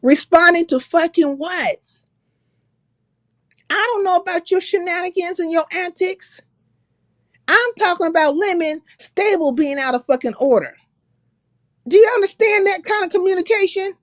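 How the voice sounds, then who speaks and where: Woman, high voice, livestream host, blunt, profane, sarcastic, dry close sound. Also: moderate pace, pauses often, a bit bright, dry recording. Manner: blunt, profane, sarcastic, reads quotes aloud and rebuts them. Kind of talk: casual commentary reacting to another creator.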